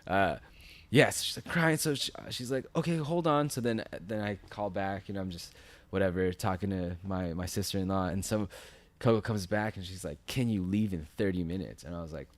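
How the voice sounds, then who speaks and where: A man's voice: brisk, dry recording. A man in his thirties, a podcast guest, telling a story casually and acting out the quoted lines with sudden leaps in his voice. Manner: animated, acts out quotes with big jumps in pitch.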